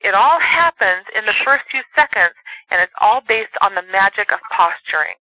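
Bright high-voiced male sales coach. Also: animated, moderate pace, dry recording, rough recording. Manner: earnest, coaching, acts out voices to demonstrate. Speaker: sales trainer. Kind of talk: motivational training talk.

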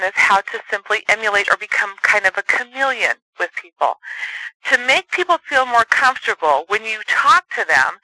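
A man's voice: high voice, bright, forceful tone, no room sound, low-quality recording. A man giving a motivational sales training talk in an earnest coaching manner, acting out short voices as examples.

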